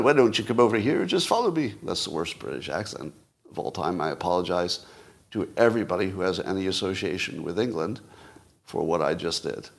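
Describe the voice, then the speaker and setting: A man's voice: low voice, creaky, fairly bright tone, slight background noise. Chatty self-mocking older male host. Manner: rambling, self-mocking, chuckles often. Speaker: podcast host. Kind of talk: casual solo commentary.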